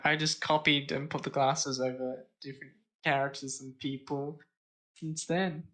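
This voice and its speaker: A man hosting a casual streamed talk show, chatting in a slow, plain-spoken way. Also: mid-range voice, level tone, sharp tone, low-quality recording. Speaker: streamer and host.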